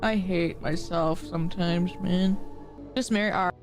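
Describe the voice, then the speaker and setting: A woman's voice: lowish voice, fairly even intonation, measured pace, soft background music. A woman in her twenties, crying as she talks to her stream chat, self-deprecating and joking through tears. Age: 20s. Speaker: livestreamer. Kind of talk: emotional livestream talk to chat.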